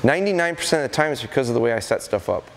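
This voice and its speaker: At a deer festival's event hall, a middle-aged dog trainer talks very fast in a mid-range voice with lively intonation during a live seminar. He tells anecdotes and acts out dogs and their owners, all carried on the long reverb of a large hall.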